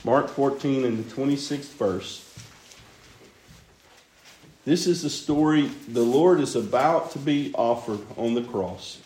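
A man's voice: mid-range voice, slow pace, long pauses, a little mellow. A man preaching a Bible teaching, earnest and musing, asking questions aloud. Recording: roomy echo with faint background noise.

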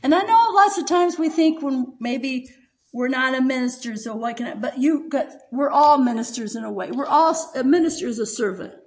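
High-voiced older woman preaching heartfelt testimony. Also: expressive, normal speed, low-quality recording. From United States. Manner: emotional, laughs often while speaking.

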